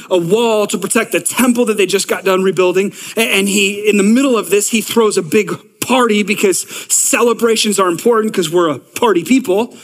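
A male pastor in his thirties delivers a lively sermon, his voice set high for a man. He speaks with energy, stumbling over repeated words as he restarts his sentences. The sound carries a long reverb from a large church hall.

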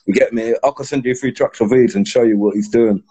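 A man's voice: mid-range voice, fast talker, mellow, slight background noise. A man in his thirties calling into a livestream, laid-back and friendly, with plenty of slang. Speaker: livestream guest. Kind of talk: casual call-in chat.

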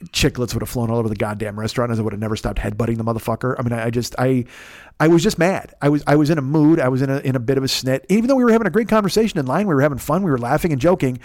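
A man telling a long profane story in a casual monologue, acting out each side of the conversation himself. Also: medium pitch. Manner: profane, animated, acts out both sides of conversations. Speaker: podcast host.

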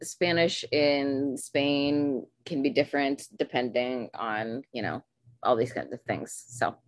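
A woman co-hosting a podcast in casual chat, chiming in with quick teasing replies and easy laughter. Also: extremely low pitch, no room sound. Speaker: podcast co-host.

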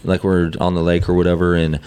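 A man's voice: sits low, monotone, fast, warm tone, clear, resonant tone. A man co-hosting a casual podcast chat, telling rambling stories and acting out quotes. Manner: rambling storyteller, acts out quoted bits. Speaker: podcast co-host.

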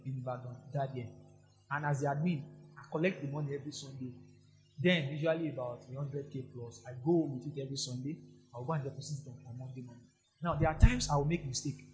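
Animated Nigerian man preaching. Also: on the high side. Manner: animated, swings from soft asides to loud outbursts. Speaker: pastor. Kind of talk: sermon.

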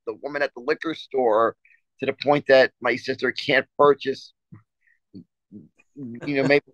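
A man chats casually on a sports podcast and trips over his words, repeating himself before he gets to the point. His voice sits at an ordinary pitch. It is recorded close and dry, with a slightly dull, muffled sound. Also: fairly bright tone, no echo. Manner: rambling storyteller with many restarts and stammers. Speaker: podcast co-host.

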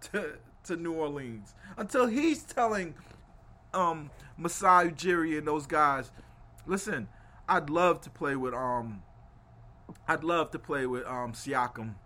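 A man hosting a casual sports podcast, animated and laughing, swinging between loud rants and low asides. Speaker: podcast host.

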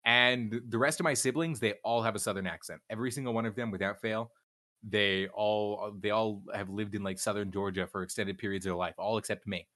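A man's voice: lowish voice, fairly even intonation, fairly quick, fairly bright tone. A young man in casual chat, candid and profane, rambling with frequent restarts. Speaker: streamer guest.

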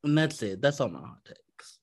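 A man co-hosting a podcast, ranting in casual chat with lots of swearing and animated outbursts. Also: medium pitch, moderate pace, no room sound, clean studio sound. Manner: profane, animated rants. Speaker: podcast co-host.

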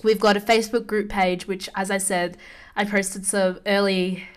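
A woman's voice: mid-range voice, flat delivery, normal speed, smooth. Young aussie woman chatting on her podcast, says like a lot, swears casually. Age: young adult. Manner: chatty, swears freely, lots of "like". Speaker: podcast co-host. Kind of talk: casual chat.

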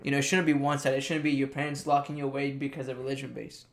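A man's voice: medium pitch, flat delivery, fast. A young man co-hosting a casual podcast, reasoning loosely with many restarts. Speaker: podcast co-host. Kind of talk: casual chat.

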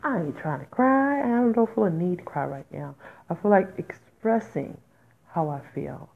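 On tinny, phone-quality audio, a woman with a fairly low, gravelly voice hosts a podcast at normal speed. She is animated and candid, using informal dialect in an emotional personal monologue that bursts into raw, emphatic moments.

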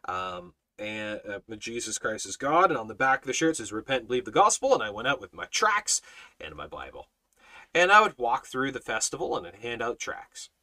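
A man's voice: medium pitch, sing-song, moderate pace, bright, forceful tone. A man giving a Bible study talk as a teacher, speaking emphatically and repeating phrases for weight.

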